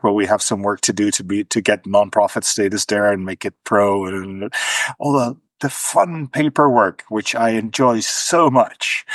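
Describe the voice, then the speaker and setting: A man's voice: lowish voice, fairly bright tone, no echo. A man speaking as an interview guest, thoughtful, with frequent restarts and a dry sarcastic streak. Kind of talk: conversational interview.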